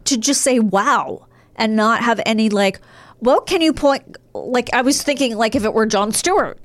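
A woman co-hosts a podcast with a fairly high, animated voice. She rants and swears freely in loose, casual chat. The sound is dry and close. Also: normal speed, no echo. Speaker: podcast co-host.

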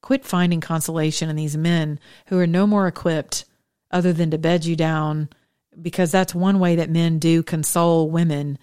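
A woman with a fairly low voice talks straight to her women listeners, half sermon and half frank chat. She urges and jokes in plain, candid words, recorded dry and close with no room sound. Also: steady tone, normal speed, dark tone, clear, resonant tone, dry recording. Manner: exhorting, candid and chatty, with frank asides. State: widowed, speaking as a single woman. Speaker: host of a faith talk show. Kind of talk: preachy monologue to women listeners.

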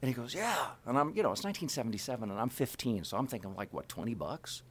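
A man's voice: medium pitch, very animated, rapid-fire, breathy edge. A man from the Kansas City area telling an anecdote about his career as a voice actor, acting out the dialogue as he goes.

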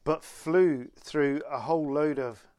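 A man co-hosting a podcast, telling stories in a lively way, restarting phrases and building to punchlines. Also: fairly high pitch, slow pace, clear, resonant tone, dry recording. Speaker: podcast co-host. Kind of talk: anecdotal storytelling chat.

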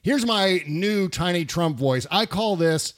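A man's voice: high voice, lively intonation, measured pace. A man hosting a podcast in casual political comedy chat, sarcastic and riffing, close on a studio mic. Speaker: podcast host.

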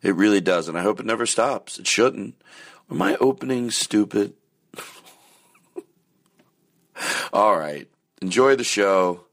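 A man's voice: fairly low pitch, a bit bright. A man rambling chattily in a casual pre-show monologue, self-deprecating. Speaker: podcast host.

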